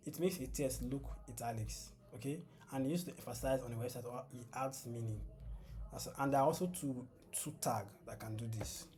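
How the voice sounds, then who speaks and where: A man's voice: mid-range voice, mellow. A man giving a screen-share coding lesson, patient and repetitive, often asking the class "what?" and then answering himself. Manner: asks the class fill-in questions and answers them himself. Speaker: coding tutor. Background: background music.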